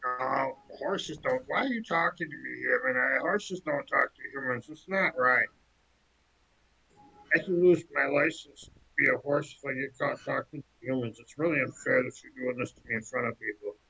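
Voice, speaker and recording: A man voicing a dim-witted, nervous male cart horse who talks slowly and complains. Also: mid-range voice, gravelly, pushed and bright, husky, full character voice, poor audio. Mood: fretful. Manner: slow, fretful, whiny complaining.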